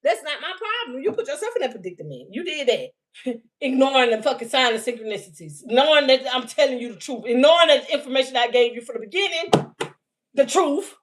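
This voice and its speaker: A woman doing an unscripted livestream reading, talking in a heated, profane and mocking way, often laughing, and reading out messages slowly word by word. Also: high voice. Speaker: livestream spiritual reader.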